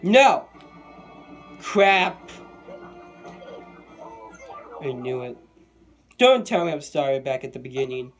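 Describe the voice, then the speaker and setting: A young man giving live gameplay commentary, excitable and quick to vent frustration at the game. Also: medium pitch. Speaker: gaming YouTuber. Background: game music.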